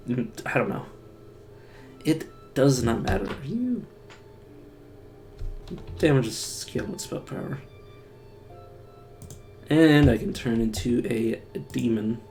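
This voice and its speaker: A man streaming a game live, thinking aloud in a rambling, self-mocking way. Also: medium pitch. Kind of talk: casual live-stream gameplay commentary.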